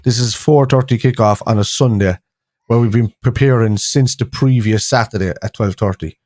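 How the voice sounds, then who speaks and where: A man's voice: lowish voice, normal speed, a little mellow, no room sound. A man hosting a casual fan live stream, rambling with frequent restarts as he reads out viewer comments. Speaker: fan show host.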